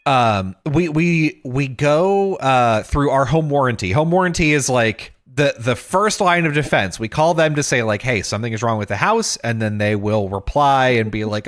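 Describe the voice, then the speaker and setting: A man's voice: medium pitch, animated, moderate pace, few pauses. A man hosting a podcast, telling a long story in casual chat. He acts out the people he quotes, swears, and laughs as he goes. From Texas. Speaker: podcast host.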